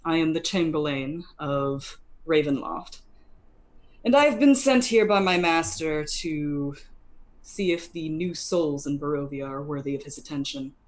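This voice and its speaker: A woman voicing a cold, haughty male elf chamberlain who speaks with clipped disdain. Her voice is low. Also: a little slow.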